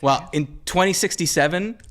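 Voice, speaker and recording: A man hosting a podcast in casual chat, joking in a wry, deadpan way. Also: high voice, normal speed. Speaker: podcast host.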